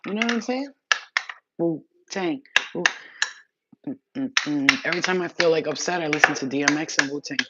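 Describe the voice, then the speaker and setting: A woman's voice: low-pitched, moderate pace, long pauses. A woman chatting casually on a livestream, rambling, swearing freely and laughing often. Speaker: livestream host. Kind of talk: casual live-stream chat. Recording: muffled lo-fi audio with loud background noise.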